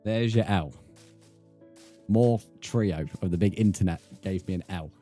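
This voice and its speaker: Casting: male game streamer, lowish voice, blunt sweary banter, faint game music behind. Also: measured pace, warm tone. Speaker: livestreamer. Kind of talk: casual live gaming stream chat.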